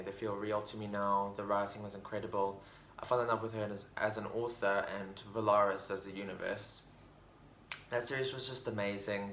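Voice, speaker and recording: A man's voice: on the low side, a bit bright. A man chatting casually about his favorite books for a vlog, enthusiastic and rambling, with many fillers and restarts. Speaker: book vlogger. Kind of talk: casual book review chat. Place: room at home with a bookshelf. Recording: roomy echo, faint background noise.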